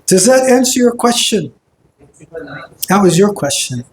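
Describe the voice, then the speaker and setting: A man's voice: high-pitched, very animated, a little slow, slight background noise. A man teaching a singing workshop to a group, demonstrating sounds with sung vowels. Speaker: kirtan teacher. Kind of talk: vocal workshop lecture. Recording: roomy hall echo.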